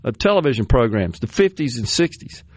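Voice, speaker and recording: A man's voice: mid-range voice, very animated, a little fast, breathy edge, no room sound, studio quality. A man in his sixties with a Southern American accent, hosting a radio talk show and reminiscing in a rambling way, often laughing. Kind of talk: casual studio chat. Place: radio studio. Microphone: studio microphone.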